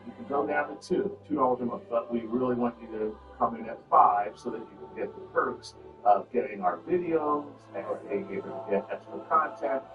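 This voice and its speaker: A male co-host in a casual chat, jokey and quick to laugh. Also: medium pitch, phone-quality sound. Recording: distant echoey audio with music.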